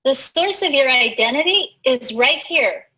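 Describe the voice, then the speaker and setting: A woman hosting a live talk, teaching in an animated way, laughing easily and often asking "right?". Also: high voice, unhurried, slightly rough, poor audio. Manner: laughs easily mid-sentence. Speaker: host.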